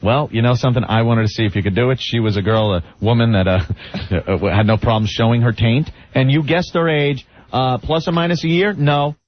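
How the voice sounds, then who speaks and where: A man's voice: mid-range voice, brisk, few pauses, no echo. A man co-hosting a talk radio show, wry and teasing as he banters and takes calls. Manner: wry, animated. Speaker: radio co-host. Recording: dull lo-fi radio recording.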